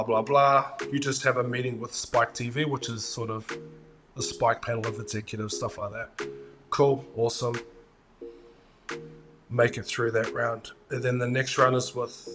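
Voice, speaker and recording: A man with a New Zealand accent, an interviewed fighter recounting his story in a casual, lively way and acting out the exchanges he describes. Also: mid-range voice. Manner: lively retelling, acts out quoted exchanges. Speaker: interviewee, mixed martial arts fighter. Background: music.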